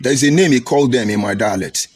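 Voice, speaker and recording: A man's voice: quick pace, slightly rough. A middle-aged man with a Nigerian English accent giving an emphatic, lecturing political commentary broadcast. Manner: emphatic, swoops high and low, lecturing. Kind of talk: preachy opinion broadcast. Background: faint music.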